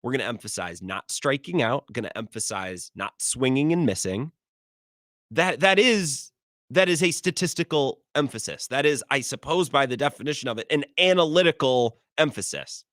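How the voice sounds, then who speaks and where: A male sports talk host in a studio, arguing his points with a lively, swinging delivery and a bright, forceful tone. His voice sounds dry and close. He trips over words and restarts as he pushes his case. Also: mid-range voice, moderate pace, no echo. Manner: argumentative, stumbles and repeats words. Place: radio studio.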